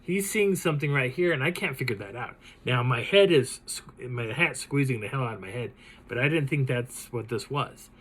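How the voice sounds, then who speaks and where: A man recounts a personal encounter for his channel. He tells it dramatically and with animation, and his voice sits at a plain middle pitch. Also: normal speed, poor audio. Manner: animated, dramatic retelling with laughs. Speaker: channel host. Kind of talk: telling a personal encounter story.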